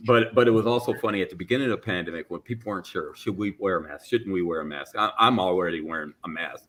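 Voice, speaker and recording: A man's voice: low-pitched, fast, a bit bright. A man talking casually on a podcast panel about cosplay, rambling with fillers and restarts.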